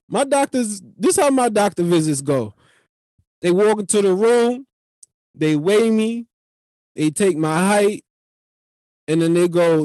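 A man's voice: high voice, measured pace, long pauses, dry recording, studio quality. Profane New man telling stories. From New York. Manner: profane, animated, rambling. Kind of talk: comic storytelling monologue.

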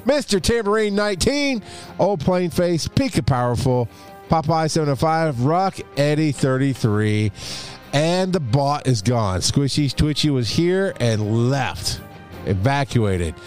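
A man's voice: a little high, sing-song, unhurried, darkish tone, faint music behind. A man co-hosting a podcast in casual, upbeat chat, laughing often as he signs off. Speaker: podcast co-host.

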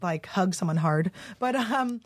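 A woman's voice: on the low side, expressive, a little slow. A young woman, a comedian guest in a casual podcast chat, telling a heated story with lots of swearing and "like". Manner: heated, profane storytelling full of "like".

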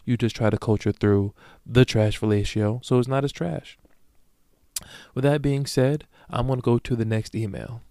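A man's voice: medium pitch, mellow, smooth, no echo, clean studio sound. A man hosting his own podcast in a casual solo monologue, brash, profane and joking as he talks straight to his listeners. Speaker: podcast host.

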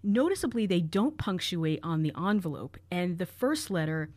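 A woman's voice: on the low side, very animated, normal speed, darkish tone, dry recording. A woman co-hosting a true crime podcast, carefully analyzing and reading out quoted letters. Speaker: podcast co-host.

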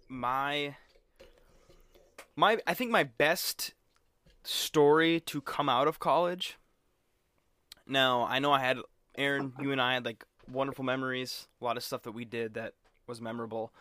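Animated young man telling a story. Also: medium pitch, no echo. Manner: animated, acts out quotes, swears freely. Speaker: podcast co-host. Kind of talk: casual storytelling chat.

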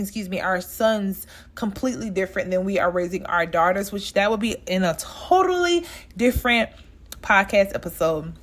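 A woman from the States, hosting a casual podcast monologue and talking straight to her listeners. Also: medium pitch. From Southern United States. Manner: chatty and direct, talks straight to listeners as "y'all". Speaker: podcast host.

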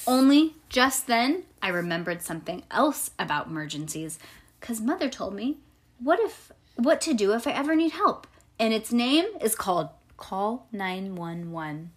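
A woman reading a children's storybook aloud to a child, lively and pausing to explain things. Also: medium pitch.

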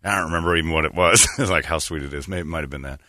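A man's voice: a bass voice, very fast, sharp tone, no echo, studio quality. A young man co-hosting a talk show, telling a story in a casual, sardonic, mocking way. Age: young adult. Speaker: radio show co-host. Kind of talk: casual comedic chat.

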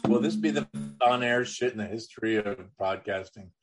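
A comedy podcast host with a lowish voice jokes crudely and banters loosely, talking a little fast. He's animated and playful, with a lively, swinging delivery.

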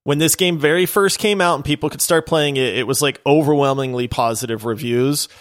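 A man's voice: on the high side, fairly quick. Chatty man co-hosting a gaming podcast. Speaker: podcast co-host. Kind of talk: casual gaming podcast chat.

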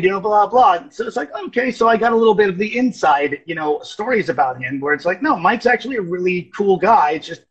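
A man's voice: high-pitched, quick pace, hardly any pauses, husky, highs cut off. A man chatting casually, rambling through stories and acting out quotes with lots of fillers. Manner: rambling storyteller, animated quotes. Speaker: guest. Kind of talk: casual chat.

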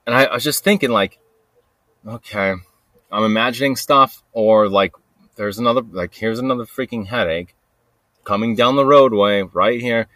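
A man hosting a podcast, telling a story in a rambling, restless way that swings from low mutters to sudden loud bursts. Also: normal speed, no room sound. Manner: rambling, restless, talks to himself with lots of "like" and "freaking". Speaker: podcast host. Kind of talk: casual storytelling monologue.

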